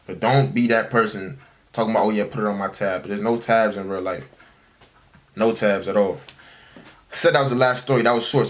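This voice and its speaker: Laid-back young man telling stories. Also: fairly low pitch. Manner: laid-back, slangy, addresses listener as bruh. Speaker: storyteller. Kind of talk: casual storytelling vlog.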